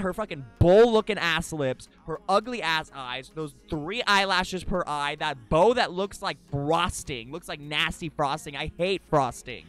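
A male game streamer talks to his live chat in a fairly high, lively voice that swoops all over the place. He swears freely and throws himself into over-the-top mock rants. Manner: animated, swears a lot, goes on dramatic mock rants. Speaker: Twitch streamer.

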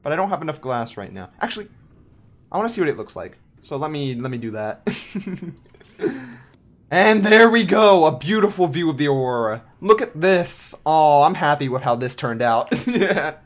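A man giving casual, self-mocking let's play commentary while building in a game, animated and giggly. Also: fairly high pitch, fairly quick. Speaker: gameplay host.

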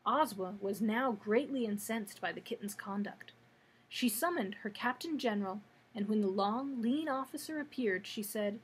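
A librarian, a woman, reading a children's book aloud with steady, expressive storytelling. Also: mid-range voice, normal speed, breathy edge.

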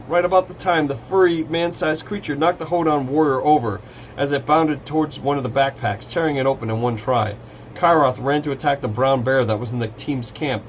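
A man's voice: medium pitch, a little hiss or hum. A man reading his own fantasy novel aloud on a live stream, casual, with slips and restarts. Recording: dull lo-fi live stream audio.

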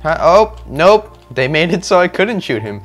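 A young man playing a video game and commenting on it, excitable, joking and rambling as he reacts. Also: on the high side, moderate pace, faint music behind. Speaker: gaming video host. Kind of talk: let's play commentary.

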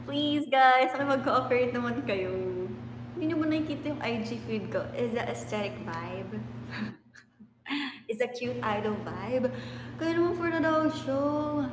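A young woman with a Filipino accent chatting playfully on a livestream and reading out viewers' comments. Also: a little high. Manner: playful, giggly, switches between English and Filipino. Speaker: livestream host. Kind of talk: casual live-stream chat reading comments. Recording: echoey room with long reverb and clear background noise.

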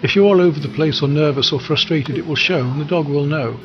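A man, a dog trainer, narrating an instructional voice-over in a calm, measured, advisory way. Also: on the high side, highs cut off. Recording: voice-over with music bed.

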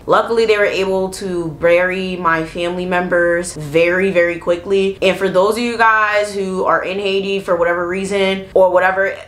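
A young adult woman YouTuber telling a story in a casual rant, blunt, profane and animated. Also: on the low side. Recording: roomy echo.

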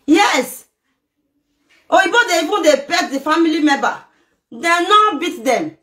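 A middle-aged Nigerian woman vlogs an emotional rant to camera in Nigerian Pidgin English, mixing in local-language words and firing off emphatic rhetorical questions. Her voice is extremely high, animated, and a bit bright at a measured pace, recorded in an echoey room with faint noise.

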